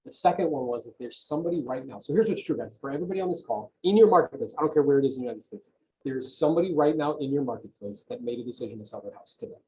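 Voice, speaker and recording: Guy coaching folks on a video call, mellow tone, pumped up and punchy, keeps saying right. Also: medium pitch, lively intonation, very fast, rough recording. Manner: emphatic and motivational, often asks "right?". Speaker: real estate coach, guest on a video call.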